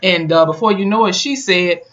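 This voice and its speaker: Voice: mid-range voice, brisk, highs cut off. Sassy, profane TV recap vlogger. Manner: animated, profane, chatty retelling with sassy asides. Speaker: TV episode reviewer. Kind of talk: casual recap vlog.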